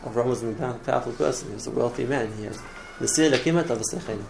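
A man's voice: mid-range voice, very fast, vocal fry, background noise. A man teaching a religious class in an earnest way, often repeating words and restarting his phrases. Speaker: Torah teacher.

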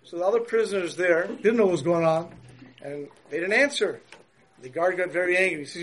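A man, a religious teacher, telling a story and explaining its lesson in a lively, storytelling sermon. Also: high voice, fairly quick, poor audio.

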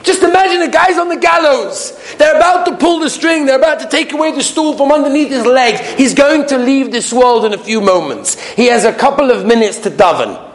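A man preaching a sermon in an animated storytelling way, with rhetorical questions and emphatic repetition. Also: very high-pitched, fairly quick, hardly any pauses.

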